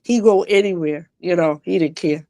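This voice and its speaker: Woman telling a painful story haltingly. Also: lowish voice, warm tone, dry recording. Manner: halting and emotional, with many restarts. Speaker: guest sharing a personal story. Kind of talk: emotional live-stream conversation. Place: home.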